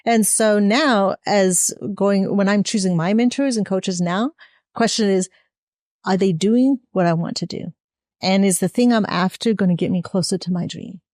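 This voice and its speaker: A woman's voice: mid-range voice, moderate pace, darkish tone, no room sound, studio quality. Earnest American woman guest on a podcast. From United States. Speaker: podcast guest, music coach. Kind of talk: casual interview chat.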